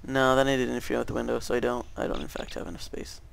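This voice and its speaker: A man's voice: medium pitch, little pitch movement, rapid-fire, creaky, no room sound. A young man rambling through casual gameplay commentary, hesitant, with many fillers and restarts. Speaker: gaming YouTuber.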